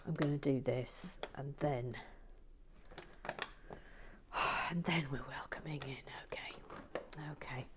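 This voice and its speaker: A woman hosting a brick-building channel, reading out viewer messages in a playful, sassy, theatrical way with hushed asides. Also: rumbling low, slow pace, pauses often, noisy background.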